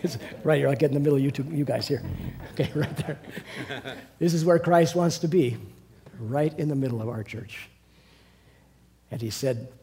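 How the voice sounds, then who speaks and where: A man teaching a Bible class to a small group in a meeting room. He reads and retells scripture in a lively storytelling way, with chuckles and asides. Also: medium pitch.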